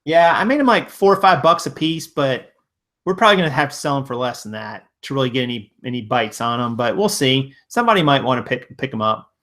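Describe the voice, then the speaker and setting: Bright-voiced man chatting casually on stream. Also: medium pitch, animated, brisk. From Virginia. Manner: rambling and conversational, with frequent restarts and chuckles. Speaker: live-stream host and reseller. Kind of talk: casual live-stream chat, reading viewer comments.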